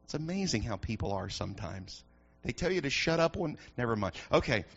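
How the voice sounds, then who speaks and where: A man's voice: mid-range voice, big pitch swings, fairly quick, vocal fry, a bit bright, breathy edge, highs cut off. A man preaching a sermon in church, fervent and often asking the congregation if they follow him. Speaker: pastor.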